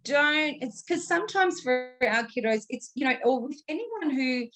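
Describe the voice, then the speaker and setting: A woman's voice: sits high, animated, normal speed, fairly bright tone. A woman communication coach giving advice on a panel, explaining patiently and acting out exaggerated intonation.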